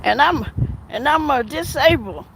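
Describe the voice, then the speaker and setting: A woman's voice: high voice, lively intonation, a little slow, a bit bright, a little hiss or hum, exaggerated voice, poor audio. A woman voicing a frantic elderly woman who pleads dramatically to be rescued, her voice quavering and teary. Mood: whiny.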